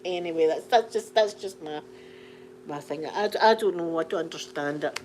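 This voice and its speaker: A Scottish woman telling funny stories in an animated, repetitive way, laughing along as she talks. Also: deep voice, moderate pace, a little hiss or hum. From Scotland. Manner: animated, laughing, repeats phrases for comic effect. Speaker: channel host. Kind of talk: casual storytelling chat.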